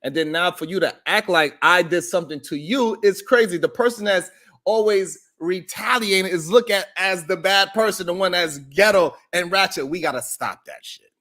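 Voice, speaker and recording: A man's voice: sits high, moderate pace, bright, forceful tone. A man hosting a live stream, ranting in heated, profane reaction commentary.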